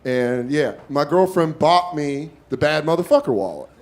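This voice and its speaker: A man doing stand-up storytelling, animated, profane and self-mocking, in a comedy club. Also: on the high side, normal speed.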